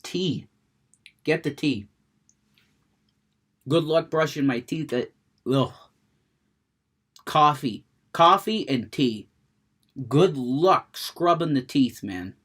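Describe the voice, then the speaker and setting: A man's voice: on the high side, expressive, takes it slowly, long pauses, a bit bright, husky. A man rambling about video games in a casual monologue, stammering, restarting sentences, cursing freely. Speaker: gaming vlogger.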